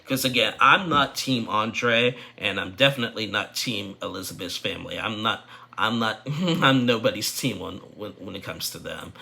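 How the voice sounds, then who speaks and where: A man's voice: on the low side, normal speed, vocal fry, bright, forceful tone. A man giving a casual, opinionated recap of a reality show, rambling with frequent restarts.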